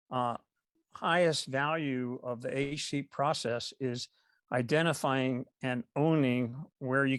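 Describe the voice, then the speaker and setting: Older guy on a zoom call, gravelly voice, dry close sound, rambling and thoughtful. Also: on the high side, dry recording. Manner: reflective, rambling with pauses. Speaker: call participant. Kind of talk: Zoom meeting comment. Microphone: video call.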